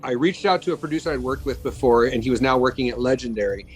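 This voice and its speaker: Speaking fast at a medium pitch, this makeup effects artist in his fifties shares stories about his job as a guest in a relaxed interview. His chatty delivery is full of fillers and restarts, the audio is poor, and faint music sits behind him.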